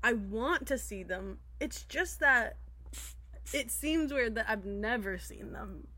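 Young adult woman, podcast co-host, slightly high pitch, giggly and loose with fillers. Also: lively intonation, slow, pushed and bright, no echo. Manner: laughs a lot, many fillers. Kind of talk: casual chat.

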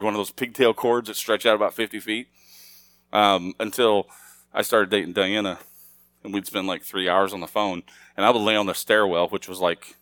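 A man's voice: lowish voice, fairly bright tone, no room sound. Dry-miked preaching man, conversational. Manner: conversational preaching that swells to emphatic, raised passages. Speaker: pastor. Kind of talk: sermon.

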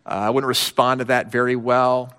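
A man's voice: mid-range voice, little pitch movement, moderate pace, a bit bright, clean tone, in a large hall. A middle-aged man preaching a sermon, talking in a conversational way with wry asides to the congregation. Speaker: pastor.

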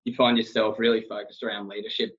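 Interviewer, muffled lo-fi sound. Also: male voice, on the low side, flat delivery, fast talker, a bit bright. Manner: friendly, loose questions with fillers. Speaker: podcast host, interviewer. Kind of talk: casual interview questions. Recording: dull lo-fi sound.

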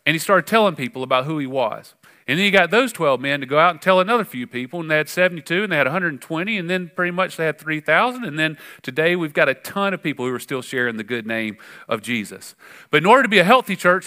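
A pastor preaching in a conversational, animated way, his voice bright and forceful and pitched a little high. He leans on fillers and restarts, then surges up in sudden bursts of emphasis. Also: quick pace. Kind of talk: sermon.

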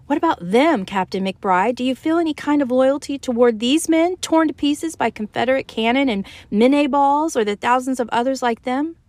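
A woman's voice: on the low side, moderate pace, no echo, lightly acted. A woman reading aloud as an indignant young widow who argues with heat and moral force. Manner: indignant and heated.

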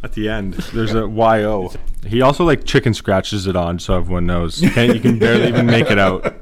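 A man's voice: lowish voice, fairly quick. Laid-back young man in sports chat. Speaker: podcast co-host.

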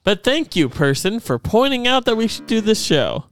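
A young man hosting a podcast in casual, animated chat, laughing often. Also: sits high, moderate pace. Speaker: podcast host.

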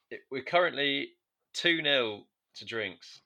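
Bright-voiced podcast host, halting. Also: male voice, mid-range voice, gravelly. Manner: hesitant, stumbling restarts, dry. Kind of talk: casual comedy podcast banter.

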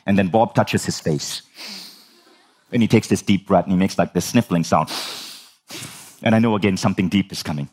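A man in his forties telling his own story in an animated, humorous way, swearing now and then. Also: sits low, normal speed, long pauses, husky. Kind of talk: storytelling talk.

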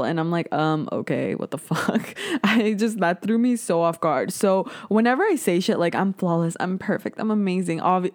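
A woman's voice: fairly low pitch, darkish tone. A woman in her twenties hosting a casual solo podcast, chatty and sarcastic, laughing at herself often. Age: 20s. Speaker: podcast host.

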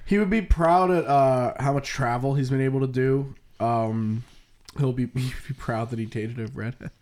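A man's voice: mid-range voice, normal speed, a little mellow. A man in his twenties chatting casually on a podcast, often hesitating with "um" and swearing offhandedly. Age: 20s. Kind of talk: casual chat.

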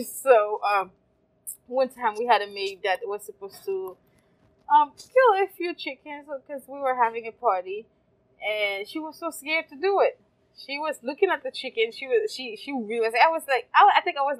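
A woman from Haiti, a restaurant owner telling animated stories in a casual interview and laughing often. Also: a little high, normal speed, low-quality recording. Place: farmers market.

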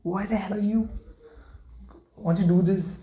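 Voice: mid-range voice, steady tone, normal speed, dark tone. A young adult football fan talking in an unscripted vlog, rambling, repeating words and near tears. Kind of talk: emotional unscripted vlog talk. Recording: roomy echo with faint ambient noise.

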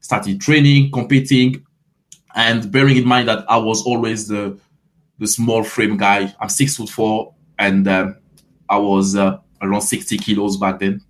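A man's voice: lowish voice, flat delivery, unhurried. A man in his thirties from Ivory Coast with a French accent, a fitness coach answering interview questions in a friendly way with frequent restarts. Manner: friendly, repeats words while starting sentences.

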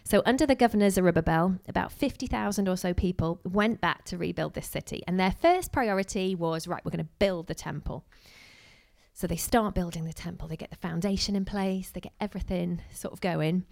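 Woman preaching casually, lower voice, chatty and lively, acts out the quotes. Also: a little fast, gravelly. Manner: chatty and animated, acting out quotes with asides. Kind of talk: casual sermon.

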